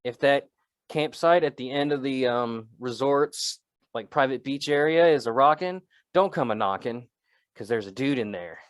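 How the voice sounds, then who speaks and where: A man cracking jokes on a comedy podcast, talking in loose rambling runs. His pitch leaps up and drops away as he riffs. The sound is close and dry, with no room behind it. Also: moderate pace, clear, resonant tone, dry recording. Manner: rambling, jokey, shifts pitch a lot. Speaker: podcast co-host. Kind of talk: improvised comedy podcast banter.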